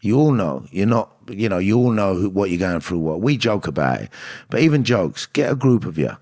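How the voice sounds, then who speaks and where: A man telling personal stories in an interview, animated and acting out the voices of people he quotes, with frequent restarts. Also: lowish voice. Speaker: actor and guest. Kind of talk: candid interview storytelling.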